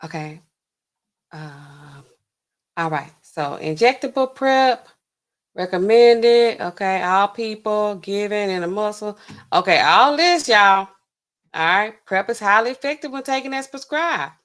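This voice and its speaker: A woman's voice: mid-range voice, expressive, measured pace, a bit bright. A middle-aged woman hosting a pharmacy livestream, chatting casually with her viewers and carefully sounding out drug names.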